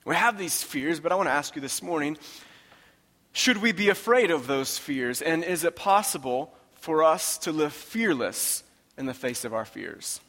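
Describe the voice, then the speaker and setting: A man's voice: a little high, animated, normal speed, fairly bright tone, in a large hall. A man preaching a sermon, talking in a conversational, emphatic way and repeating his phrases for weight. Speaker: pastor.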